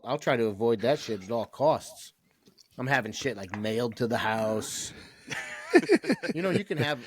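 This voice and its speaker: A man co-hosting a podcast, chatting casually with blunt, profane banter. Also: mid-range voice. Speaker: podcast co-host. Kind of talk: casual chat.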